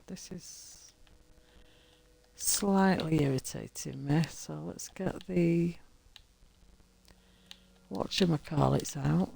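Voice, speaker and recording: A woman's voice: sits low, slow, gravelly, pauses often, mellow, slightly rough. A woman chatting casually to her viewers as she plays a building game and talks to the characters. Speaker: gaming streamer. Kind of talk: casual gameplay commentary.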